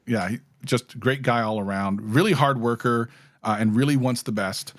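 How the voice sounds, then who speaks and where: A man's voice: medium pitch, normal speed, no echo, clean studio sound. A man speaking as a guest in a casual interview, candid and laughing often. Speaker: guest, former company community liaison.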